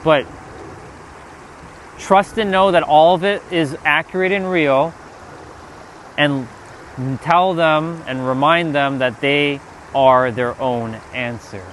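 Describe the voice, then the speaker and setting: A man in a casual spiritual monologue, animated and swearing, talking back to God in mock dialogue. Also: fairly high pitch, slight background noise. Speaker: spiritual vlogger.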